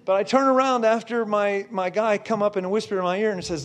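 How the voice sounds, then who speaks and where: A man preaching, telling a story with lots of check-ins to his listeners and building to shouts. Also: sits high, steady tone, a little fast, slight background noise. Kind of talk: storytelling sermon.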